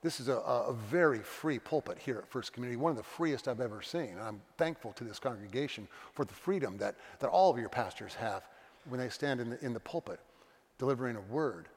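A middle-aged pastor preaching a sermon, earnest and confessional, telling stories with voiced quotes. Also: male voice, mid-range voice, lively intonation, brisk, husky. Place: church sanctuary. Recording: long church reverb.

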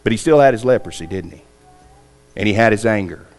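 A man preaching a sermon, retelling scripture stories, acting out the quotes and asking rhetorical questions, swinging from loud lines to hushed ones. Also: on the low side, expressive, brisk.

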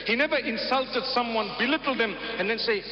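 A man's voice: very high voice, fairly quick, a crowd in the background. A man preaching a sermon, emphatic and repetitive, with phrases quoted in Arabic. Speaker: Islamic preacher. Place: large hall at a gathering. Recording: roomy hall, dull lo-fi broadcast sound.

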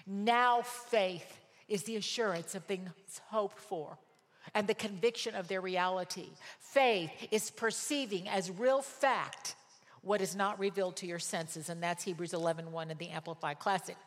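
A woman's voice: mid-range voice, measured pace. Woman preaching in a reverberant hall. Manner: emphatic, repeats and spells out words for stress. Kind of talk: sermon with personal storytelling.

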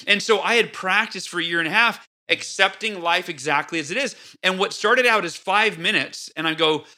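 A man as a podcast guest, an energetic storyteller who acts out his own reactions in conversation. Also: high voice, normal speed. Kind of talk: conversational interview answer.

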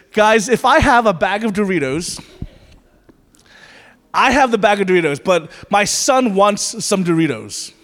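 A man's voice: high-pitched, fairly bright tone. A man preaching a sermon as pastor, conversational with playful asides that turn to earnest prayer, in a church sanctuary. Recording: reverberant church hall.

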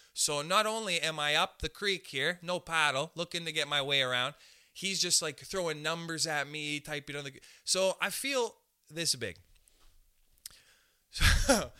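A young man from Canada hosting a podcast, telling a comic story in a loose, animated way, swearing a lot and acting out the voices of other people. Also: fairly high pitch, normal speed, smooth. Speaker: podcast host. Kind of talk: casual comedic storytelling.

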